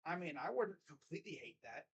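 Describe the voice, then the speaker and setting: A man giving casual live play-by-play reaction to a basketball game, jumping between loud excited calls and low muttered grumbling as a rambling fan. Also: fast, breathy edge. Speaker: sports YouTuber doing live play-by-play.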